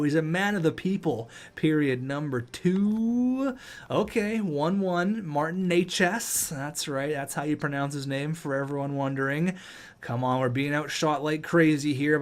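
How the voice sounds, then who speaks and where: A young man commentating his own video game match, joking and shouting when play gets tense. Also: fairly high pitch. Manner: excitable, jokey, shouts at big plays. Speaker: gaming YouTuber.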